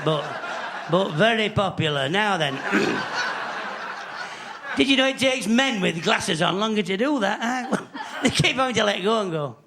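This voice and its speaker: A man's voice: high voice, expressive, measured pace, vocal fry, a crowd in the background. A man with a northern English accent telling cheeky, rambling jokes in a stand-up comedy act. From Northern England. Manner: cheeky, rambling joke-teller.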